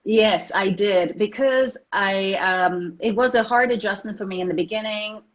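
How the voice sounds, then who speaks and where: A South African woman, an actress, chatting fast in an interview with lots of restarts. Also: medium pitch. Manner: fast talker, many restarts. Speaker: actress guest. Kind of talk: casual interview chat. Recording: dull lo-fi audio.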